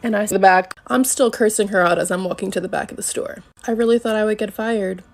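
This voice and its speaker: A woman's voice: medium pitch, quick pace. A woman who works retail, telling a casual storytime in a sassy, conversational way. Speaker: retail worker.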